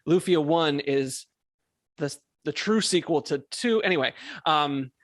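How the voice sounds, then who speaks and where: A man's voice: on the high side, unhurried, no echo. Rambling, emphatic man host, dry sound. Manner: rambling, emphatic, swears, stumbles over words. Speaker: podcast host. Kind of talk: casual chat.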